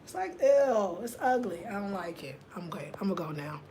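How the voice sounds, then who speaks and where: A woman, hosting a casual livestream rant, telling an animated story straight to her viewers and reading their comments aloud. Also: medium pitch, a little fast, slight background noise. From United States. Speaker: host.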